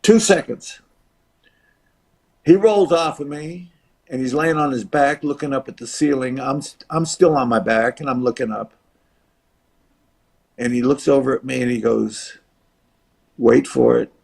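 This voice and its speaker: A man in his seventies from the United States, a retired wrestler telling an animated anecdote as an interview guest. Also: medium pitch, normal speed, gravelly. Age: 70s. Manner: animated, acts out quoted voices and crowd noise. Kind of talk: storytelling anecdote.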